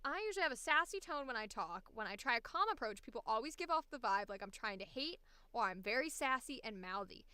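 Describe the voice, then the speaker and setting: Bright-toned woman in chatty stream talk. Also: on the high side, big pitch swings, fast talker, smooth, dry recording. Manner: chatty, laughing, swearing freely. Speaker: voice actor streamer. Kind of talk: casual livestream chat.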